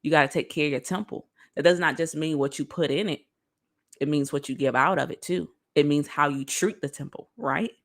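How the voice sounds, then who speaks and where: Gravelly-voiced woman giving a pep talk. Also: sits low, fairly quick. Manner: lively, preachy, talks straight to viewers. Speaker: motivational speaker. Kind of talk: casual motivational talk.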